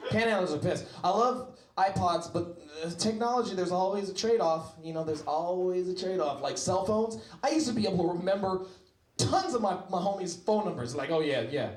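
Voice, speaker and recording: A man's voice: high voice, animated, a little fast. A man performing a brash, profane stand-up comedy set in a small comedy club. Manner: brash, profane, mimics other people's voices. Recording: echoey club with loud noise. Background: audience laughter.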